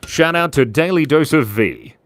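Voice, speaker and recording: A man, livestreaming as he draws. He chats playfully with viewers, reads out their names and gives shout-outs, and drops to a soft murmur while he draws. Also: on the high side, animated, normal speed, slight background noise. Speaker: streamer drawing live for viewers. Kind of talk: chatty live-stream drawing commentary.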